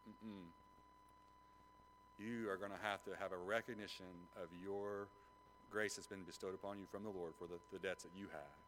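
A man preaching a sermon, retelling a Bible story with lively acted-out voices. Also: deep voice, moderate pace, a little hiss or hum, poor audio. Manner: animated storytelling, acts out the voices of biblical figures. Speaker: pastor.

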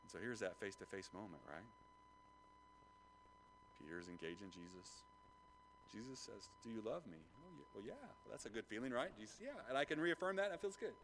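A man preaching a sermon, retelling a Bible story with lively acted-out voices. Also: lowish voice, a little fast, pauses often, noisy background. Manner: animated storytelling, acts out the voices of biblical figures. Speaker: pastor.

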